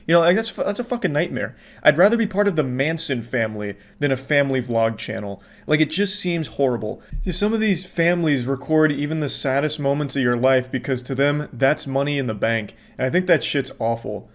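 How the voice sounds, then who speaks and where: Male reaction host, deadpan, dry, swears freely. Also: a little high, fairly quick, hardly any pauses. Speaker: online video reaction host. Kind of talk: sarcastic reaction commentary.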